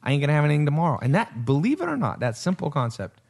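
A man's voice: fairly high pitch, wildly swooping pitch, very fast, vocal fry, a little mellow. Male podcast host, casual and rambling, acts out quotes mid-story. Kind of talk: casual chat.

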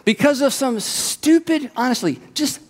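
Middle-aged pastor guy telling stories in a sermon, jokey, kinda high voice, big echoey hall. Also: animated, unhurried. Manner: conversational storytelling with jokey asides. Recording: long hall reverb.

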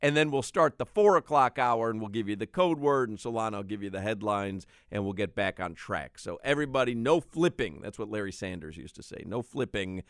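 A man hosting a sports radio show, talking fast and jokily and breaking into laughter. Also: on the low side, lively intonation, a bit bright, no room sound, studio quality. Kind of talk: casual radio banter. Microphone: studio microphone.

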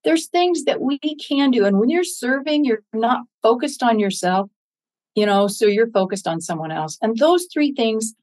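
With lively intonation and a slightly high yet darkish voice, an older American woman speaks at a moderate pace in an interview. A public speaker, she talks earnestly and encouragingly, performing her inner dialogues, and the recording is rough.

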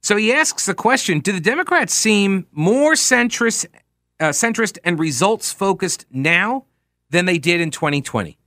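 A man's voice: high-pitched, big pitch swings, a little slow, sharp tone, no echo, studio quality. A man hosting a talk radio show, giving opinionated political commentary in a sarcastic tone, full of rhetorical questions.

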